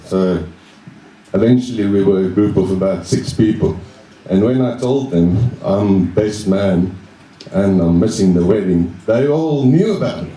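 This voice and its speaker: A young man giving a best man's wedding speech, halting and self-deprecating, chuckling along with his own jokes. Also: deep voice, warm tone, a little hiss or hum. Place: wedding reception room. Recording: roomy echo, mic at a distance.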